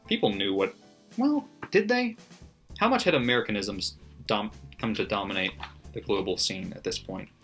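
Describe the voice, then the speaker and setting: Faint music underscores a book vlogger going through his margin annotations in a casual manner. His voice is on the low side and a bit bright, and he laughs often and doesn't hold back on swearing.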